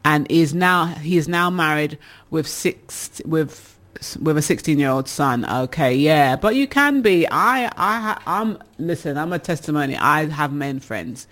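A woman's voice: low-pitched, animated, measured pace, a bit bright. A woman hosting a casual advice show, reading listener messages and teasing them with laughter. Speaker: radio advice show host.

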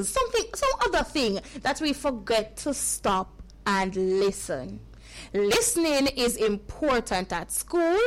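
A woman tells a Bible story to children in a high, bouncing voice that rises and falls widely. She takes her time and often repeats a phrase to make it sink in. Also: rough recording.

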